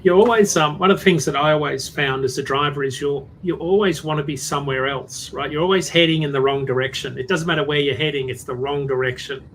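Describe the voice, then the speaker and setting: A man's voice: on the high side, fast talker, hardly any pauses, a little hiss or hum, poor audio. A man who used to drive trucks, reflecting in a casual podcast chat and often checking in with "right?".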